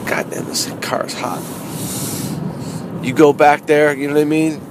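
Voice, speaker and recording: Rambling middle-aged comedian talking in a car. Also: male voice, fairly high pitch, measured pace. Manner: rambling, animated, repeats phrases. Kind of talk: casual car vlog monologue. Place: inside a parked car. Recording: noisy street ambience.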